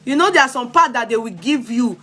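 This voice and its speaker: Blunt Nigerian woman vlogger, higher voice. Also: lively intonation, fairly quick, pushed and bright. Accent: Nigerian, Yoruba-inflected. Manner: blunt, emphatic, answers viewers' comments directly. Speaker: vlogger reviewing films. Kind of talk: casual live-stream chat.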